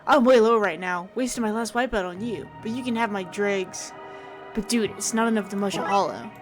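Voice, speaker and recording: A woman's voice: mid-range voice, fairly quick, soft background music, natural voice. Woman putting on a surfer priest, laid-back, upbeat, dude and bro slang, game character.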